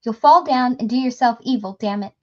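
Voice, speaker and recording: A woman voicing an excitable old farmer man who talks with a cracked, wavering voice and thick rural speech. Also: a little high, a little fast, muffled recording, natural voice. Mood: excited.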